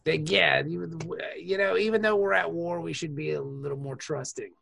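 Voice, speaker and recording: A woman's voice: sits low, steady tone, normal speed, vocal fry, a bit bright. A woman co-hosting a casual podcast, rambling and thinking aloud about a show. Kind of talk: casual chat.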